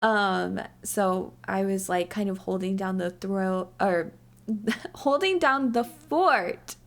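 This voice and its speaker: A woman's voice: medium pitch, takes it slowly. A young woman livestreaming, chatting casually to her viewers in a rambling, giggly way full of "like", her voice slightly strained from talking a lot. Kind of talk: casual chat to a live audience.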